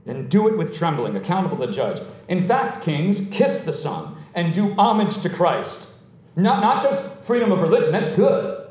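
A man's voice: fairly high pitch, big pitch swings, normal speed, a little mellow. A man preaching a sermon as pastor, emphatic and rising to exclamations. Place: church sanctuary. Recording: very echoey hall, mic at a distance.

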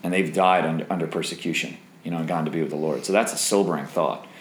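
A man's voice: low-pitched, fairly even intonation, fast talker, slight background noise. A man leading a Bible study for young singles, talking conversationally, quizzing the group and joking. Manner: conversational, asks the group questions and jokes. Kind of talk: interactive Bible teaching. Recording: roomy echo.

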